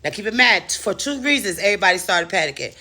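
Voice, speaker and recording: Bright-voiced woman telling a dramatic story. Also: medium pitch, fast talker. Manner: animated, profane, dramatic storyteller. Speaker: storytime vlogger. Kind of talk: casual storytelling.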